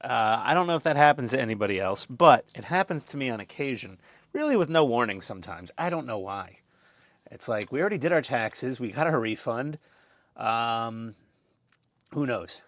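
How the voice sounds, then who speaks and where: A man's voice: mid-range voice, animated, normal speed, fairly bright tone, no room sound. A man giving casual, rambling commentary as he builds a scale model, chatty and self-deprecating.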